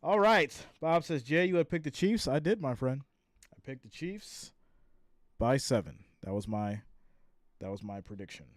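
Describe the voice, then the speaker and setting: Calling the action on a live stream, a weary man reads out viewer comments in a chatty way, laughing along. He speaks at normal speed in a medium pitch, recorded in clean studio quality with no room sound.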